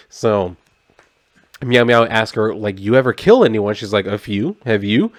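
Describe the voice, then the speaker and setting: A man's voice: fairly low pitch, animated, a little slow, no echo. Young man, casual comic recap, loose chatty delivery, swears, dry close sound. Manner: chatty, swears, lots of "like", half-acts the quoted lines. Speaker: comic book reviewer. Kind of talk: casual comic recap, reading dialogue aloud.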